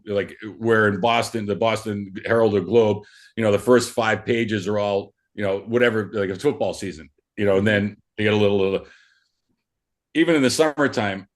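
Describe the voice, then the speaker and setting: Middle-aged guy rambling through old stories, kinda low voice, lots of you know. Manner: rambling, many restarts and fillers. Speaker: podcast guest, former hockey player. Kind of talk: casual storytelling.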